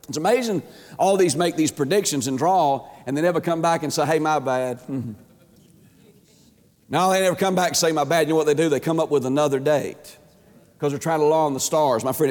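A man preaching an emphatic sermon as a pastor, stretching words and swinging his pitch up and down. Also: a little mellow. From Georgia, USA. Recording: long hall reverb.

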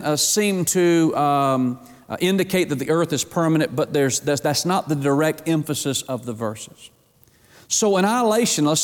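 Male preacher, fairly high voice, sermon with call-and-response, long church-hall reverb.

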